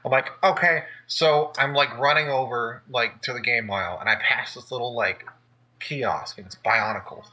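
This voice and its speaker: A man telling childhood stories in casual chat, animated and swearing, acting out the voices of people he quotes. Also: mid-range voice, normal speed, poor audio. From Texas. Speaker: podcast co-host. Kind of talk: casual storytelling.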